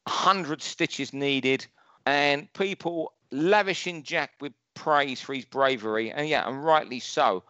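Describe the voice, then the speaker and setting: London man, boxing pundit, fairly high voice, opinionated ranter; dull, dry recording. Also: slow pace, bright, forceful tone, no room sound. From London, England. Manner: chatty, ranting, opinionated. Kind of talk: casual podcast chat.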